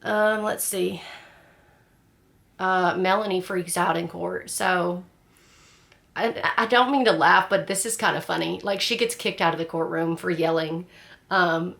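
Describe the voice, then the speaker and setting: A woman with a fairly low voice talks through a book in casual discussion. Her tone has a gravelly, fry-laden edge, and she rambles frankly, full of fillers and restarts. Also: fairly even intonation, unhurried, a bit bright. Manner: frank and chatty, laughs at the story. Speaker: book club host.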